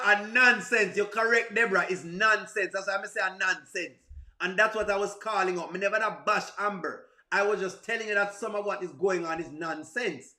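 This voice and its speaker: A man's voice: sits high, bright, forceful tone, roomy sound. A man with a Jamaican accent chatting casually on a livestream, answering viewers, laughing often and exclaiming to himself. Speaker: livestream host.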